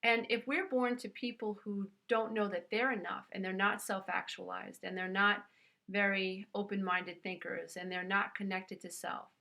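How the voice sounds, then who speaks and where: A self-help speaker with a New York accent gives an earnest, emphatic motivational talk straight to her listener, whom she calls "dear one." Her medium-pitched voice is level, creaky, bright and forceful, at a moderate pace.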